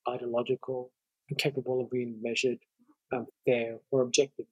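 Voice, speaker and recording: A man, a guest lecturer, explaining ideas in a measured conversational way and stacking up long lists of points. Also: medium pitch, slightly rough, dry recording, poor audio.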